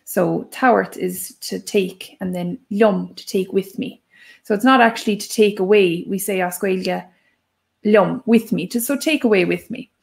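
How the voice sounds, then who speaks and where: A woman's voice: medium pitch, unhurried, creaky. A woman with an Irish accent, co-hosting a live language lesson, explaining phrases in a chatty, emphatic way. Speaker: Irish language teacher, co-host.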